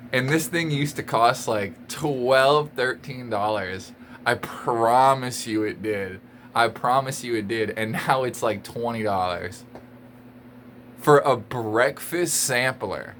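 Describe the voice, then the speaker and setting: A man's voice: mid-range voice, fairly bright tone, a little hiss or hum. A man vlogging a casual rant to camera, exasperated and emphatic, often repeating his points and laughing between lines.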